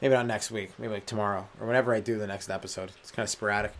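Talking very fast in a fairly low yet fairly bright voice with a steady tone, a young man from Canada rambles through crude jokes on his solo comedy podcast. The stand-up comedian laughs at his own lines, and there's slight background noise.

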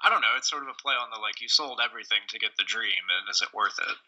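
A man's voice: lowish voice, rapid-fire, very noisy. A man in a casual film discussion, thinking aloud reflectively with hesitations. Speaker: podcast co-host.

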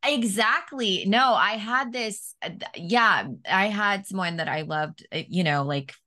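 A woman's voice: mid-range voice, a little slow, bright, forceful tone. A woman hosting a podcast, talking candidly and emphatically in casual conversation and swearing freely. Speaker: podcast host.

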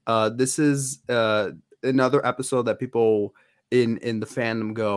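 Casual fan chat from a male podcast co-host who rambles, using lots of fillers and restarting often. His medium-pitched voice stays fairly even in intonation at normal speed, on a dry, studio-quality recording.

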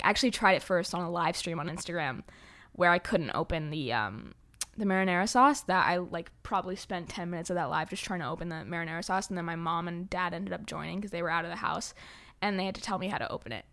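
A woman's voice: lowish voice, fairly bright tone. A teenage girl hosting her own podcast, rambling casually with lots of "like" and "um" and plenty of self-deprecating asides. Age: teens. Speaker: podcast host. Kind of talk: casual solo podcast chat.

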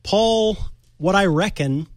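A man hosting a tech show, chatty and playful, demonstrating things live with quick asides. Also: high-pitched, no echo, clean studio sound. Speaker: host. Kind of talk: casual tech show chat.

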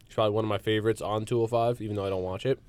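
A man's voice: fairly low pitch, steady tone, rapid-fire, darkish tone, clean tone, no echo. A young man co-hosting a casual college radio sports talk show, enthusiastic and rambling, with lots of fillers.

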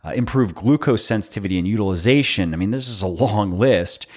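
A man hosting a solo podcast, explaining a topic in a brisk, explanatory way with wry asides. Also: lowish voice, a little mellow. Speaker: podcast host.

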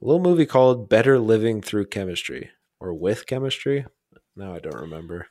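A man co-hosting a podcast, chatting casually in a slow, rambling, self-deprecating way. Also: on the low side, lively intonation, a little mellow, dry recording. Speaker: podcast co-host.

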